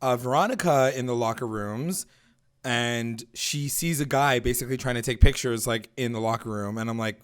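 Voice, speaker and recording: A man's voice: mid-range voice, normal speed, clean tone. Casual profane male podcast co-host. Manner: loose, profane, acts out characters' lines. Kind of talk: casual recap chat.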